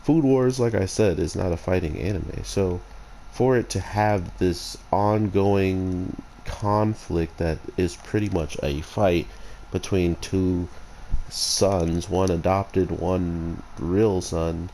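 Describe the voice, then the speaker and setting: Deep, mellow-voiced man with a gravelly edge, casual rambling reviewer. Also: slow, slight background noise, poor audio. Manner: rambling, digressive. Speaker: anime reviewer.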